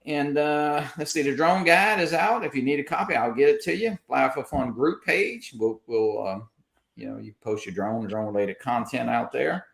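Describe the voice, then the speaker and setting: A man with a gravelly, creaky voice hosts a relaxed livestream, wandering through announcements with plenty of "uh"s. His voice rings in a roomy, echoey space. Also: medium pitch, moderate pace. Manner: relaxed, rambling announcements with many fillers. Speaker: host. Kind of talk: casual livestream chat.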